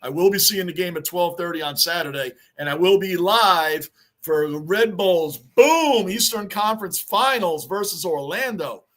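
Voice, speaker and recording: A man hosting a live sports reaction stream, excitable and rambling, greeting chat viewers by name as he chats. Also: sits high, moderate pace. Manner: rambling, chatty and repetitive. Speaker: livestream host.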